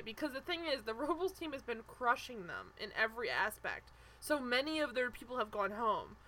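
A young woman talks through a reality show scene in loose, animated chat, peppered with "like" and quick restarts. Her voice sits high and bright, and it swings a lot as she gets excited. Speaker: podcast co-host.

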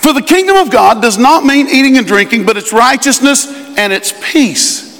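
A middle-aged male pastor preaching a sermon in a church, animated and shouting at times. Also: very high voice, moderate pace, a faint crowd, slight background noise. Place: church sanctuary. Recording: live church recording with hall reverb.

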